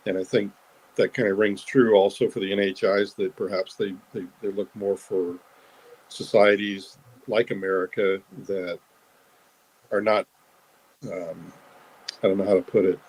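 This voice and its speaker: A man with a low, husky voice talks through his answers slowly and with many ums. He stops and restarts often as he thinks aloud. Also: darkish tone, low-quality recording. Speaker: whistleblower guest. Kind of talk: casual talk in a live audio chat room.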